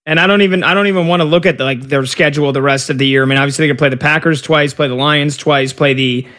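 A man's voice: fairly high pitch, fairly even intonation, quick pace, bright, forceful tone. A man hosting casual sports talk, chatty and reacting to a live game as he steers the conversation with questions. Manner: chatty, leading questions and asides.

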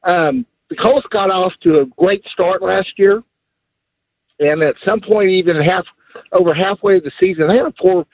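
A man phoning in to a sports show, his voice a touch high and thin. He rambles and stalls with fillers. It comes through a dry, tinny phone line. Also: no echo. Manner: rambling, halting, many fillers. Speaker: caller. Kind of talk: phone-in chat. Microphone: telephone.

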